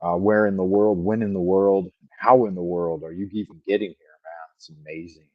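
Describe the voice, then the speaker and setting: A man's voice: low-pitched, fairly even intonation, normal speed, no room sound. A man hosting a livestream, chatting casually in a rambling, profane, joking way. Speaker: livestream host. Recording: dull lo-fi microphone sound.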